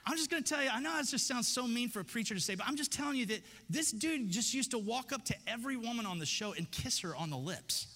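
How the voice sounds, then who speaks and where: A man's voice: extremely high pitch, animated, fast, few pauses, bright, forceful tone, big-room sound. A man preaching a sermon as pastor, conversational and joking, building to emphatic repeated lines. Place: church sanctuary.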